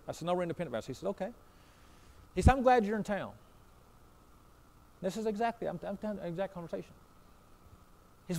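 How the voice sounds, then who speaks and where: A man's voice: sits high, darkish tone. A man preaching a sermon as pastor, telling a story in a folksy way and acting out both sides of a conversation. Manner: folksy, repeats "I said" and "he said".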